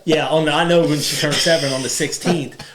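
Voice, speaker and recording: A man's voice: a little high, fairly even intonation, brisk, a loud crowd. A man in his thirties hosting a podcast, talking casually and rambling with lots of "like" fillers. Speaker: podcast host. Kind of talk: casual chat.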